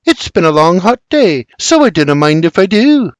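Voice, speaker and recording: A man's voice: high-pitched, very animated, normal speed, clean tone, no room sound, pitched above the performer's own voice. A man voicing a spirited young woman, a boastful huntress with a lilt, in an audiobook. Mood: triumphant.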